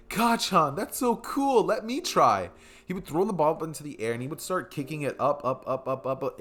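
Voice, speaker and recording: A young man casually narrating an improvised fan story, rambling with many fillers. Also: mid-range voice.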